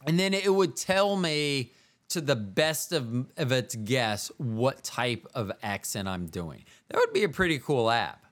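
A man hosts his own show solo and talks casually in a loose, rambling way. His pitch swings widely as he jokes at his own expense. He drifts from one aside to another. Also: big pitch swings, measured pace, a bit bright. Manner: rambling, self-mocking, jumps between voices. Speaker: podcast host. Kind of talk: casual solo podcast monologue.

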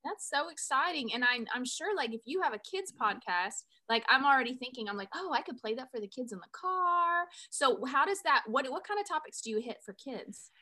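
A woman's voice: sits high, lively intonation, fairly quick, hardly any pauses, bright, forceful tone. A woman hosting a Christian podcast, introducing the episode and her guest in an upbeat, enthusiastic way. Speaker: podcast host. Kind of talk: faith podcast intro and interview.

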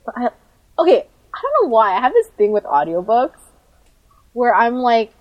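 A woman in casual conversation, talking in a loose, chatty way full of fillers and quick laughs. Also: a little high, wildly swooping pitch, no echo, highs cut off. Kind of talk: casual chat.

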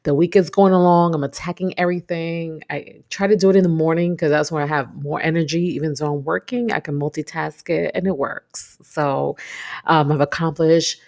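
Brooklyn woman, new york accent, deep raspy-fry voice, laid back solo podcast chat with some slang. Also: fairly even intonation, moderate pace, darkish tone. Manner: reflective, chatty, casual slang. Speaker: podcast host.

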